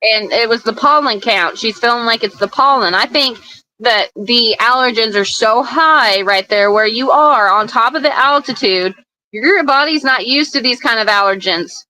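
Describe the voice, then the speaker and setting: Bright-voiced woman reading out chat comments. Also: on the high side, normal speed, low-quality recording. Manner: chatty, reassuring, relays viewer comments. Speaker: livestream co-host reading comments. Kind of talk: casual livestream chat.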